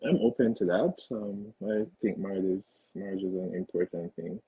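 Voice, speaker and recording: Low creaky-voiced man, hesitant. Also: normal speed, dark tone, no echo, muffled recording. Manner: brief, hesitant answers with many fillers. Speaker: guest single. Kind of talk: interview answers.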